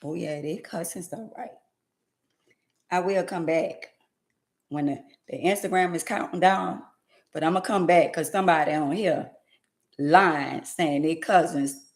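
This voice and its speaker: A woman, talking sassily to her live audience in an animated, preachy monologue. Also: deep voice. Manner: sassy, preachy, drawn-out exclamations and laughs.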